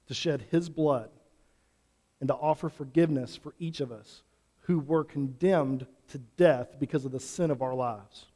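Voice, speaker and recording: A man's voice: fairly high pitch, a little mellow. A pastor preaching an earnest sermon to his congregation, pressing them with repeated questions. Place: church sanctuary. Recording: long hall reverb.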